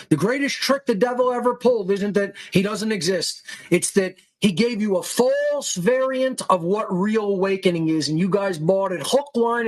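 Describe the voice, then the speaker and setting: A man's voice: high voice, poor audio. A male podcast host delivering an angry monologue, profane, combative and berating his listeners.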